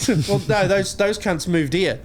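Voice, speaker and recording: A New Zealand man in his thirties chats loosely on a comedy podcast, swearing freely and rambling from one joke to the next. His voice sits a little higher than most men's. A faint rumble sits underneath. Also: unhurried. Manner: profane, rambling, jokey. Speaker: podcast co-host. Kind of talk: casual comedy chat.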